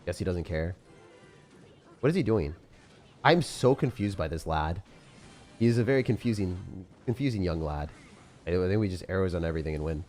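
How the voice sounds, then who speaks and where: A man's voice: low-pitched, lively intonation, normal speed, pauses often, a little mellow, soft background music. A young man giving loose, jokey live commentary on his gameplay as a streamer, full of slang and sudden outbursts. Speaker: gaming streamer.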